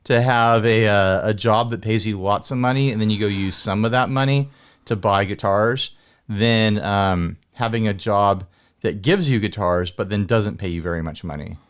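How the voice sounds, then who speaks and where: An American man, on the low side in pitch, speaks at a moderate pace with a clean tone. He's a guest guitar video maker in a casual chat, rambling, joking and laughing often.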